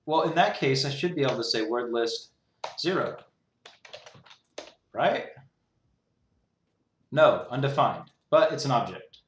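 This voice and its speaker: A man's voice: mid-range voice, expressive, a little slow, pauses often. Exasperated young man talking through his code. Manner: exasperated, rambling, heavy use of "like". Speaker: programmer streaming his coding. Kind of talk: casual talk-through while coding. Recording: roomy echo.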